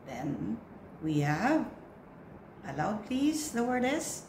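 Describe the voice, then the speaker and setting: A woman coaching church readers through a pronunciation drill, giving slow, patient prompts with long pauses between them. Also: mid-range voice, big pitch swings, darkish tone. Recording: echoey room with faint noise.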